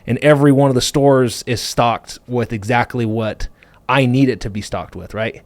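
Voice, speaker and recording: A man with a mid-range voice, recorded with no room sound, hosts a podcast and tells the story of his business. He talks fast and animatedly, rambling loosely and leaning on fillers like "like" and "you know." He's a business owner, and the talk is casual conversational storytelling.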